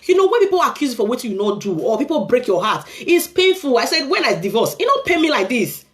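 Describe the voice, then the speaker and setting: Animated Nigerian woman telling her story. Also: high voice, fast. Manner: animated, pleading, preacherly. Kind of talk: emotional personal testimony.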